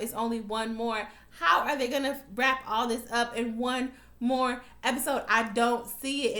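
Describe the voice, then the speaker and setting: A woman's voice: on the high side, fairly bright tone. A young woman recapping a TV drama episode in casual, heated chat, swearing and calling her viewers y'all. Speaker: TV recap vlogger. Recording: echoey room.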